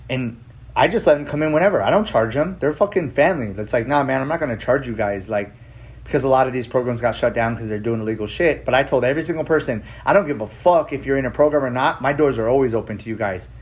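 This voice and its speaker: Young guy from san carlos telling his story, cussing a lot, kinda muffled lo-fi audio. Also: medium pitch. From San Carlos, Arizona. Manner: casual, swearing, quotes people in dialogue. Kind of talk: emotional personal storytelling. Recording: slightly dull lo-fi sound.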